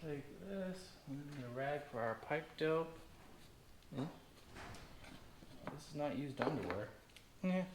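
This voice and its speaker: A man's voice: a little high, lively intonation, slow pace, long pauses, roomy sound, very noisy. A man talking casually to himself and viewers while doing a plumbing repair, with jokey asides. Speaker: DIY repair vlogger. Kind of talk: casual talk while working.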